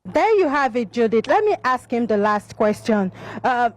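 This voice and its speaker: A woman field correspondent reporting live and asking direct, brisk questions of an interviewee. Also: on the high side, big pitch swings.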